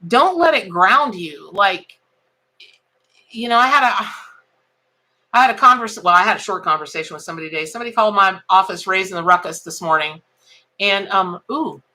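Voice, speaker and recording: A woman's voice: medium pitch, fairly quick, long pauses, bright, forceful tone. A woman giving a live tarot reading, chatting folksily with viewers and greeting them by name. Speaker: tarot reader.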